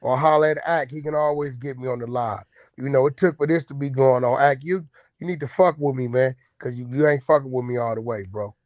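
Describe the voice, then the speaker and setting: Man, host, naturally loud, aggressive, blunt, lo-fi dry audio. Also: mid-range voice, a little fast, no room sound. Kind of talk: heated casual chat. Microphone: online audio room.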